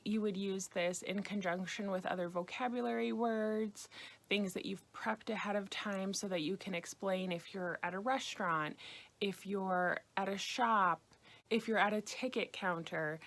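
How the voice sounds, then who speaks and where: An American woman teaching beginners a language lesson, patiently repeating phrases slowly. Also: medium pitch, fairly bright tone. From United States. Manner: patient, slow repetition of phrases. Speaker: French teacher.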